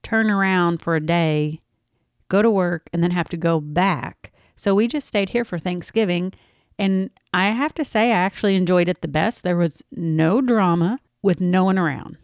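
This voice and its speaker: Candid Southern woman with a lowish voice. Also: moderate pace, no room sound, studio quality. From Oklahoma. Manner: candid, plainspoken, laughs easily. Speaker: podcast co-host. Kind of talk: casual chat.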